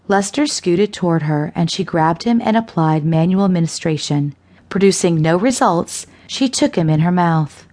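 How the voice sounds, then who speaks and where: A woman narrating a suspense thriller audiobook in a measured, unhurried reading. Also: on the low side, animated, mellow.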